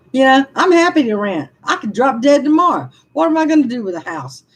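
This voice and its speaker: A woman talks frankly to her viewers on a casual livestream. Her voice sits fairly high and swings widely in pitch as she vents. She laughs and makes asides as she answers their comments. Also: slightly rough, low-quality recording. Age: 60s. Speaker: livestream vlogger reading comments.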